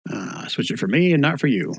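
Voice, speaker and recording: A man game-masters an online tabletop one-shot over a voice chat mic, easygoing and full of fillers, spelling out names as he goes. His mid-range voice is sing-song, a little fast, gravelly and husky. The audio is poor, with no echo.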